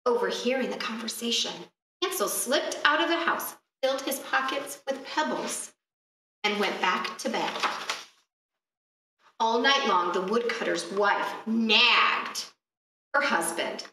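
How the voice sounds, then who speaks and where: A woman with a slightly high voice reads a fairy tale slowly to children at a library, asking them questions and reading with expression. She's picked up from afar in an echoey space, with slight background noise.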